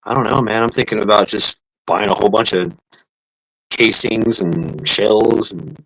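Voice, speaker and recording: A man's voice: on the low side, steady tone, measured pace, creaky, a bit bright, low-quality recording. A man hosting a casual live stream, rambling with many fillers and restarts and reading out viewers' comments. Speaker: livestream host. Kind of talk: casual livestream chat.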